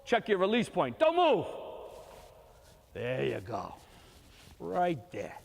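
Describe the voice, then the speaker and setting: A man's voice: mid-range voice, big pitch swings, slow pace, vocal fry, breathy edge. An older man coaching young kids through a throwing drill, giving short, encouraging repeated commands. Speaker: youth baseball coach. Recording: long reverb from a hall.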